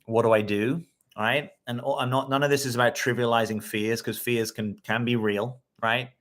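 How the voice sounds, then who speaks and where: A man's voice: mid-range voice, flat delivery, normal speed, a bit bright. A man working as a dating coach, talking in a reflective, conversational way on a live stream and answering viewer comments, often checking in with his listeners.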